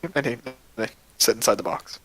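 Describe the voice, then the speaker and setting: A man narrating a tabletop game as game master, in a loose, halting way with many fillers. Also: medium pitch, animated, sharp tone, husky, low-quality recording.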